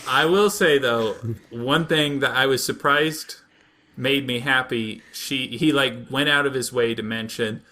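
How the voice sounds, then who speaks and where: A man hosts a casual podcast chat and retells stories in a loose, rambling way. He laughs often. His voice is bright and lively, pitched in the middle of the male range. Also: measured pace. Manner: rambling, animated storyteller who laughs often. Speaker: podcast host. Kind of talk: casual chat recapping anime.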